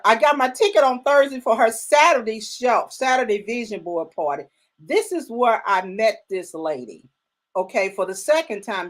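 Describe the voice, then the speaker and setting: A woman's voice: on the high side, fairly bright tone. Effusive older woman hosting a live show. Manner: effusive, repeats words, greets viewers by name. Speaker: talk show host. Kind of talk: casual live-stream chat.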